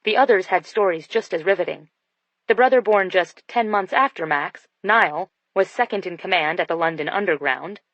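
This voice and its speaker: Low-voiced woman narrating a romance. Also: normal speed, a bit bright, dry recording. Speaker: audiobook narrator. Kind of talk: first-person romance narration. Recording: dull dry studio sound.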